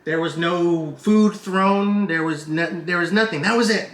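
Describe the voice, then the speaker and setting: A man's voice: high-pitched, unhurried, reverberant. A man co-hosting a podcast, telling a story in casual chat and acting out other people's lines in a raised voice. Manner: animated, profane, acts out quotes in raised voice. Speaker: podcast co-host.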